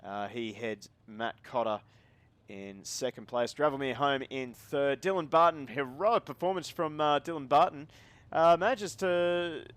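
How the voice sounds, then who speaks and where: A man with a slightly high, fairly bright voice hosts a live sim racing stream with casual commentary. He chats and jokes around with his viewers.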